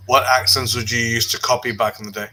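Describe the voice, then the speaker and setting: A man in casual conversation, telling relaxed anecdotes with lots of fillers and restarts. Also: mid-range voice, fast, rough recording. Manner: relaxed storyteller, fillers and repeated starts. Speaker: podcast guest. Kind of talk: casual chat.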